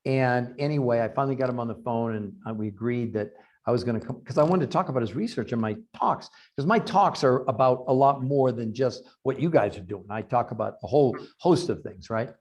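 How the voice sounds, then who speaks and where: A man who researches health tells long, animated stories during a video-call interview, acting out the lines he quotes. His voice is mid-range and a little quick.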